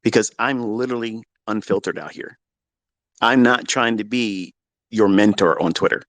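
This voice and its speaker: A middle-aged man, a trading mentor, speaking in a profane, combative rant from his home basement, moving between low musing and shouting. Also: moderate pace, no room sound. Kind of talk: unscripted rant to listeners.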